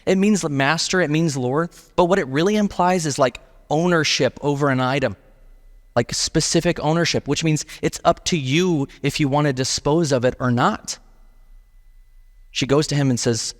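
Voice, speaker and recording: A man's voice: on the high side, moderate pace, long reverb tail. A male pastor preaching a sermon in a casual, emphatic way, often saying "like". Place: church sanctuary.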